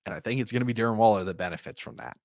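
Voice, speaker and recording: A man's voice: on the low side, rapid-fire, darkish tone, no room sound, studio quality. A man co-hosting a podcast, laid-back but stat-heavy as he makes his fantasy football case. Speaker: podcast co-host. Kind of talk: casual fantasy football chat.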